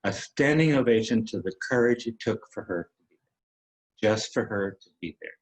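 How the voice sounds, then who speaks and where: A man's voice: on the low side, expressive, low-quality recording. Emotional man telling a personal story. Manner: emotional, halting, many pauses and fillers. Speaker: web series host.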